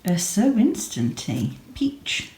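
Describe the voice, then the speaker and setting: Gushing over small pretty things, a sleepy, yawning yarn dyer and vlogger in her thirties chats casually in her home craft room. Her mid-range voice is very animated yet slow, with a dark tone and slight background noise.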